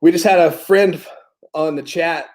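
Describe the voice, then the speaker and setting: Brief: male livestream host, fairly high voice, jokey and chatty, quick to laugh. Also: fairly even intonation, darkish tone. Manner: joking, laughs often, greets chat viewers by name. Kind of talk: casual livestream chat.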